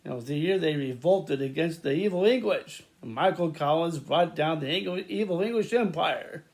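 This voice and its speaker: A man talking in a rambling, casual monologue to his viewers, repeating words, restarting sentences and breaking into loud laughter. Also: on the high side, moderate pace. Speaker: vlogger.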